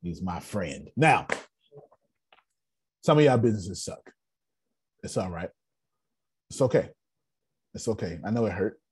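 A man's voice: sits low, animated, a little slow, long pauses, breathy edge. A man coaching an online business meeting in a blunt, joking way, repeating his phrases with a preacher-like rhythm. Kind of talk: animated motivational talk.

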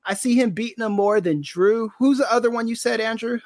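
A man co-hosting a casual wrestling podcast, talking in an animated, opinionated and teasing way. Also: extremely high pitch, brisk, no room sound, studio quality. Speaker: podcast co-host.

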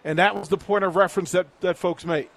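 A man's voice: high-pitched, fairly even intonation, fast, a bit bright. A middle-aged man, hosting a live radio remote from a restaurant patio, punchy and hype-building as he reads the sponsor's menu. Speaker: radio host on remote broadcast.

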